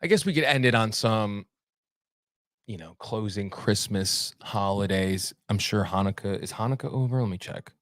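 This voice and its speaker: A man's voice: on the low side, normal speed, fairly bright tone, no room sound, studio quality. Rambling chatty male livestream host. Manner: rambling, chatty, reads viewer comments aloud. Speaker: live show host. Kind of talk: casual livestream chat.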